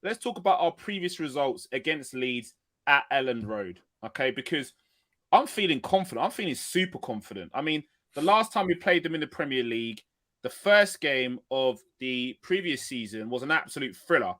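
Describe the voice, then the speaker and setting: A man hosting a football podcast in an excited, chatty way, full of energy as he brings in his co-hosts. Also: medium pitch, moderate pace. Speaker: podcast host. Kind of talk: excitable casual podcast chat.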